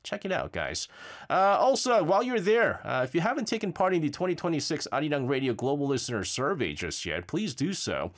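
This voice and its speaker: A man's voice: on the high side, brisk. A man hosting a radio show, chatting casually and reading listener messages, with lots of fillers and stammers. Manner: lively, rambling, frequent fillers and stammers. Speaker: radio host. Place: radio studio.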